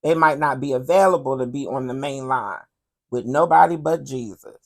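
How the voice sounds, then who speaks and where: A woman with a bass voice hosts a commentary podcast, covering current events in a sassy, animated style at a moderate pace. She keeps addressing the listener as "honey."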